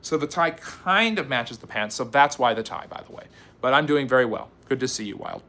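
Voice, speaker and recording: American man, livestream host, rapid chatty delivery answering chat, playful teasing tone. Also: mid-range voice, expressive, bright, forceful tone. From United States. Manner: quick, chatty, teasing, with many fillers and restarts. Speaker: history channel livestream host. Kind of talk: live stream reading and answering chat comments.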